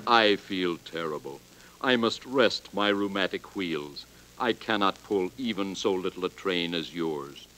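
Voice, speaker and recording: A man's voice: low-pitched, expressive, background noise, voice pushed down. A man voicing a sad, rusty old male steam engine that wheezes and complains on a vintage children's record. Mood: weary. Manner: weary, sad, slow. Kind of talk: 1940s children's record storytelling. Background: music.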